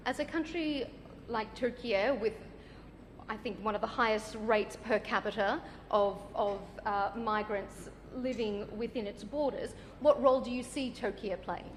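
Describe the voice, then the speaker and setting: A woman's voice: a little high, measured pace, in a large hall, slight background noise. A woman interviewer asking probing follow-up questions in a broadcast interview.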